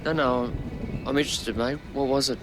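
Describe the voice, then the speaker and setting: An actor playing a meek, downtrodden young man in a TV series, with an Australian accent and a soft, placating manner. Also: medium pitch, steady tone, normal speed, a little hiss or hum, lightly acted. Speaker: TV character. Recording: distant clip from a TV series.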